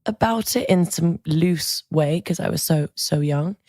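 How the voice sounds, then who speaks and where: A woman with a notably low voice hosting a conversational interview, recorded close and dry. She asks reflective questions in a soft-spoken, unhurried way. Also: no room sound. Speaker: interview host.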